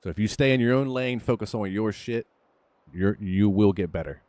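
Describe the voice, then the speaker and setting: A man's voice: on the low side, moderate pace, a little mellow, no room sound. A man streaming a golf video game, talking through his shots in casual commentary, candid and coaching himself, swearing now and then. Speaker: gaming streamer. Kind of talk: casual commentary while playing.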